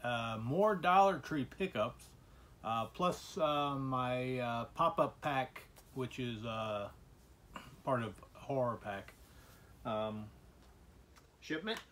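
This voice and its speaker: A man showing the movies he bought in a casual vlog, talking in halting bursts full of "uh" fillers and restarts. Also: mid-range voice, lively intonation, fairly bright tone, a little hiss or hum. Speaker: collector showing his movie purchases.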